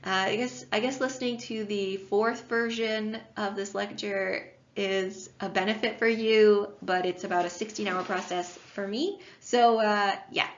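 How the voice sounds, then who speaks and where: A woman's voice: mid-range voice, fairly even intonation, unhurried, hardly any pauses. Chatty woman lecturing, slightly dull audio. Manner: chatty, self-deprecating, many fillers. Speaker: instructor. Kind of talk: recorded online lecture.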